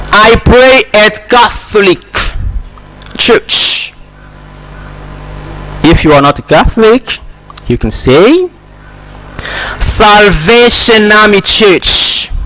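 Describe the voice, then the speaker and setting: A young man from Congo teaching an English lesson on a TV program, slowly repeating example sentences. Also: high voice, fairly bright tone.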